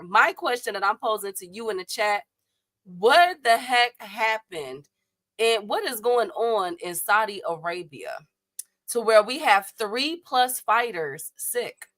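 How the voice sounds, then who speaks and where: A woman from Chicago hosting a casual boxing livestream, chatty and quick to laugh, greeting viewers in the chat. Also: a little high, expressive, bright, forceful tone, no echo. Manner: chatty, laughs often, many fillers.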